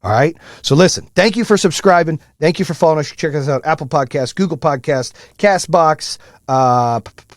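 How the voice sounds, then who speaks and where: A middle-aged man hosting a solo motivational podcast, telling stories in a profane, animated way with lots of fillers. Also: fairly high pitch, a little fast, no room sound, clean studio sound. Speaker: podcast host.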